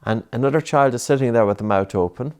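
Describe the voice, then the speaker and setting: A man coaching a child through breathing exercises, patient and encouraging, with many gentle repeated prompts. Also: medium pitch, quick pace, smooth.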